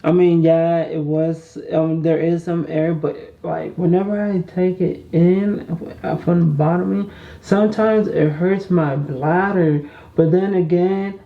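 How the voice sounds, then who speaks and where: Slow, candid storytime vlogger. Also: medium pitch, creaky, phone-quality sound. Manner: candid, chatty, repeats itself, addresses the viewers often. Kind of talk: casual storytime vlog.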